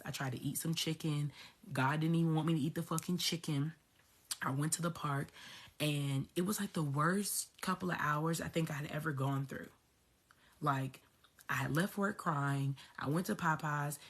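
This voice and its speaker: Husky low-voiced woman telling her story. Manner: emphatic, profane, repeats herself. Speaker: spiritual coach. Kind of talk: candid storytelling vlog.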